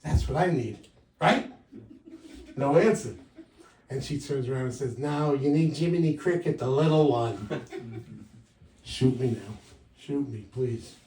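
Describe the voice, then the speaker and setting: Older male stand-up comic, wry punchy delivery, lively pitch; roomy live sound from a distance. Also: a little slow, pauses often. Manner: wry, punchy delivery with loud jumps for quoted lines. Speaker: stand-up comedian. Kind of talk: stand-up comedy set. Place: comedy club stage.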